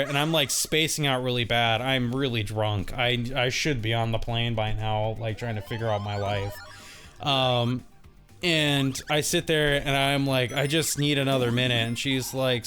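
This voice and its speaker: A man's voice: medium pitch, steady tone, unhurried, sharp tone, soft background music. A young man casually telling a rambling, laughing story, acting out the other people's voices. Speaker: co-host of a gaming channel. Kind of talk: casual storytelling while playing a game.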